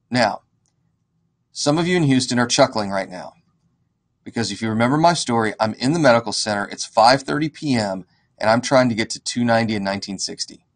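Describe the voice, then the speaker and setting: Male, casual storytelling to a crowd, lively delivery, acts out dialogue. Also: fairly low pitch. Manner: animated, acts out quoted dialogue. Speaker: real estate investor and educator.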